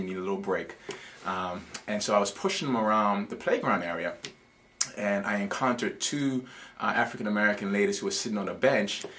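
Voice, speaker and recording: Fast-talking man from Bermuda, low voice. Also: a bit bright, slight background noise. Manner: reflective, storytelling with fillers and restarts. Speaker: author being interviewed. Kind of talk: conversational interview.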